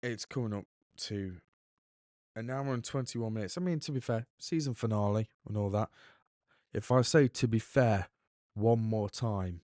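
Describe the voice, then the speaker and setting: A man's voice: lowish voice, moderate pace, darkish tone, dry recording, clean studio sound. A young man hosting a podcast, rambling chattily and correcting himself as he goes. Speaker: podcast host. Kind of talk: casual solo podcast monologue.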